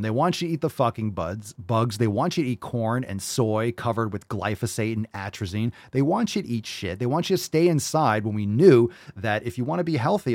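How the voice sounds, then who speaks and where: Heard in a dry recording, a man with a mid-range voice runs a ranting call-in fitness show. He mocks, swears, and argues as he tears into diet topics and answers questions about training.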